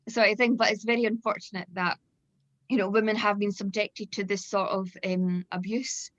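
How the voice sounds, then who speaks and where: A woman moderating a panel over a video call. She talks in a loose, rambling way and makes light of her own long-windedness. The audio is dry and slightly dull, with a pitch that is ordinary for a woman. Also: steady tone, moderate pace, no room sound. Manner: warm, self-deprecating, rambling. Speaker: host.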